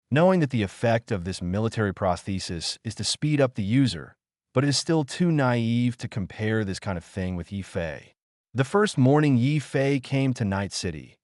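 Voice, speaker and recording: A man reads an audiobook in steady scripted narration. His voice sits low but swings widely in pitch. The recording is dry and close, with no room sound. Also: no echo.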